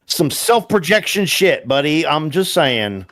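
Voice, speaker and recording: Blunt, swearing man with a lively voice. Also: on the high side, measured pace, no room sound. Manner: heavy swearing, defensive and blunt. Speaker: stream co-host. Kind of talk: casual livestream chat.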